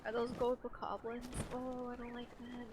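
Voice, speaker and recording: A woman's voice: on the high side, monotone, moderate pace, a little mellow, slight background noise. A young woman streaming a game live, chatting playfully with her chat and laughing often. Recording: faint game music behind.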